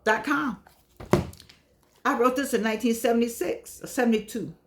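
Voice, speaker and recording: An older woman chatting casually to her viewers in a vlog, lively and affectionate, wandering from one aside to the next. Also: fairly high pitch, moderate pace, noisy background. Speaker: vlogger.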